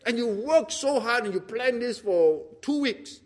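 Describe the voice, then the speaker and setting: Animated high-voiced preacher. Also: male voice, a little slow. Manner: animated, acts out little dialogues, laughs often. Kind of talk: sermon.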